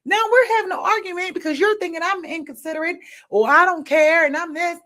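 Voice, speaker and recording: A woman hosting a candid talk show, telling stories in an animated way and often asking listeners "right?". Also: very high-pitched, a little fast. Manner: animated storytelling, frequent rhetorical "right?" and laughter. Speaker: podcast host. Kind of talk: candid opinion talk addressing viewers.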